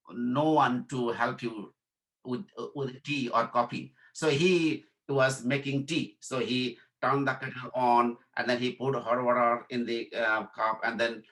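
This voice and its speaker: A workshop instructor from Bangladesh gives an informal lesson in a mid-range voice, captured on a low-quality recording. He repeats phrases, asks "okay?" to make sure people follow, and voices quoted dialogue more softly.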